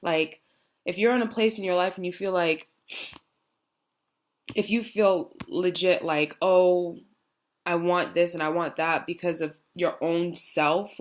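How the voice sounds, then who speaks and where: A young American woman talking reflectively in a personal vlog, rambling with many fillers like "you know" and "like". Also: fairly low pitch. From United States. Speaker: vlogger. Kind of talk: heartfelt personal vlog talk.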